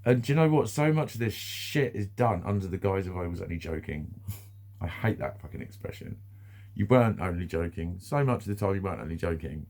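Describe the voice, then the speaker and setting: A man's voice: deep voice, lively intonation, a little fast, darkish tone. A British man ranting bluntly in a casual vlog monologue, swearing freely, repeating himself and laughing now and then. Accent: British English. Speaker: vlogger.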